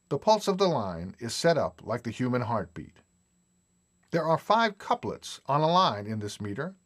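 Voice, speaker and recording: A man giving a scripted lecture narration with measured, explanatory delivery and emphatic lists. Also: medium pitch, very animated.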